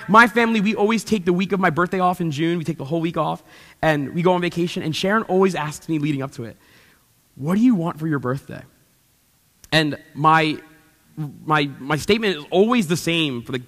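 A young man preaching from a church stage, his voice pitched high and ringing bright. He tells animated stories with playful asides to the congregation, and the sound hangs in a long hall reverb. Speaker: pastor. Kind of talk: sermon.

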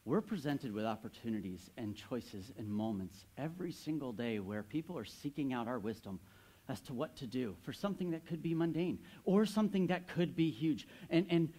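A man's voice: mid-range voice, lively intonation, moderate pace, warm tone, husky. A man in his thirties, a pastor giving a sermon, telling a story with playful asides to the congregation.

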